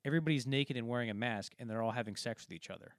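A man's voice: mid-range voice, rapid-fire, dry recording, studio quality. A man casually talking through a film, rambling and acting out quoted lines as he retells scenes. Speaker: podcast co-host.

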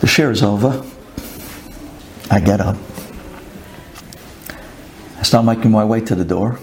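A man's voice: on the low side, a little slow, darkish tone, a little hiss or hum. A man, a rabbi, telling a story to a group, acting out his own thoughts with rhetorical questions and Hebrew and Yiddish words. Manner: sprinkles in Hebrew and Yiddish terms.

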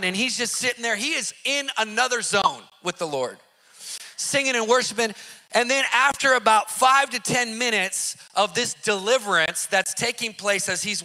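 High, forceful man telling a story. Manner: emphatic, vivid storyteller who repeats for effect; casual slang. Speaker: Christian activist telling a testimony. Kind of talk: animated testimony storytelling.

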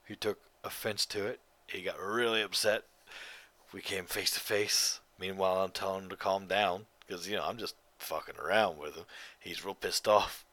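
A man's voice: low voice, steady tone, moderate pace, sharp tone, no echo. A tired man hosting a podcast on his own, talking in a rambling, profane and emphatic way and yawning now and then. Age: adult. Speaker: podcast host. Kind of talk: casual solo monologue.

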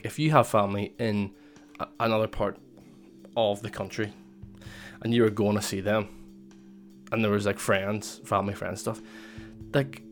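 A young man casually telling a personal story, rambling with lots of fillers and restarts. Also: mid-range voice. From Northern Ireland.

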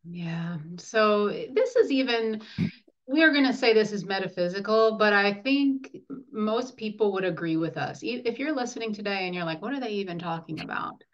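A woman speaking as a nurse and lactation consultant in an interview, earnest and animated, acting out what parents say. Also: mid-range voice, normal speed, muffled recording. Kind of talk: conversational interview.

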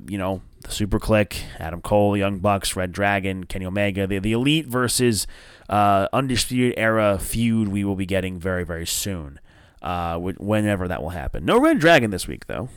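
Rambling, excitable wrestling podcast guy. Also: lowish voice, clear, resonant tone, no echo, clean studio sound. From northern New Jersey. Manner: rambling, excitable, many fillers and swears. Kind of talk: casual solo review show.

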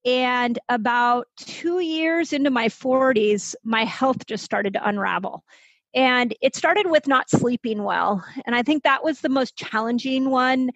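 A woman in her fifties, a health expert guest, telling her own story in a lively conversational way and acting out the voices of people she quotes. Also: on the high side, no room sound, lo-fi sound. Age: 50s. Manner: animated, quick to act out quoted voices.

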